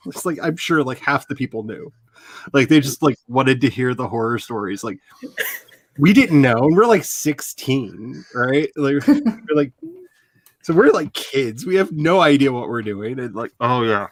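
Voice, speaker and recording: A man in his forties hosting a casual chat, telling animated stories, laughing often and acting out quotes. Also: mid-range voice, moderate pace, no echo. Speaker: host.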